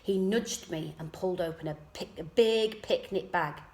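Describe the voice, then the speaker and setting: Teacher reading a story softly. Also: female voice, lowish voice, moderate pace. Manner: soft, quiet first-person narration. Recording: echoey room.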